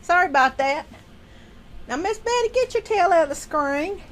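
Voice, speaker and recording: A woman's voice: extremely high pitch, animated, moderate pace, a little hiss or hum. A woman chatting casually with viewers on a livestream from home, rambling and folksy. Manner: rambling, folksy, laughs often. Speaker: livestream host.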